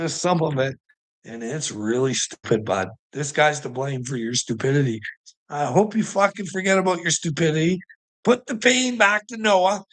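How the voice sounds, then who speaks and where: A man's voice: fairly high pitch, expressive, moderate pace, fairly bright tone. A man hosting his own channel, rambling, swearing and laughing often as he mocks the clips he reacts to. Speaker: channel host.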